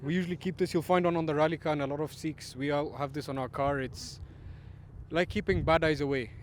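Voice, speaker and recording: A man with a fairly high voice, answering questions in an easygoing, upbeat way. He speaks as a rally driver. Faint noise from outdoors sits behind him. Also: steady tone, fast talker. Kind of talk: casual interview answers.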